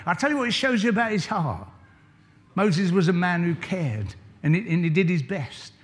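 A man's voice: sits high, lively intonation, normal speed. An older man preaching an informal sermon, telling a Bible story in a chatty way and asking the congregation questions. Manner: chatty, asks the congregation questions, varies loudness a lot. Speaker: church leader.

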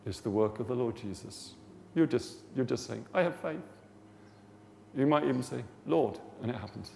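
A man's voice: mid-range voice, fairly quick, vocal fry, dark tone. A man giving an informal sermon on healing prayer, chatty and storytelling, rising to fervent emphasis. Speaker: preacher teaching on healing prayer. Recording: long hall reverb, faint background noise.

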